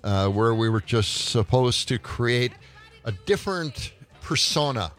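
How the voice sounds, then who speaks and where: A man's voice: medium pitch, expressive, unhurried, a bit bright, faint music behind. Easygoing male radio co-host. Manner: easygoing, chuckles while telling stories. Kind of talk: casual morning radio chat.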